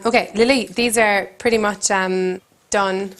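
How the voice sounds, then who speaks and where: An Irish woman comedian tells a self-deprecating story to camera in a country kitchen, laughing often. Her medium-pitched voice keeps a steady tone at a measured pace, with soft music in the background.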